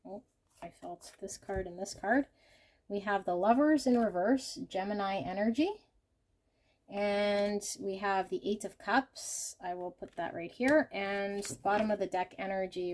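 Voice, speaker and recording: A woman giving an intuitive tarot reading, gentle and effusive, often exclaiming in delight as she talks while laying out cards. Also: medium pitch. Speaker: tarot reader.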